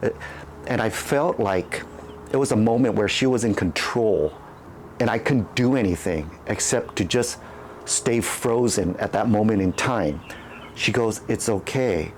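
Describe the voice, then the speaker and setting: A man's voice: lowish voice, unhurried, a little hiss or hum. A man casually telling a candid personal story, rambling and restarting his sentences. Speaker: channel host.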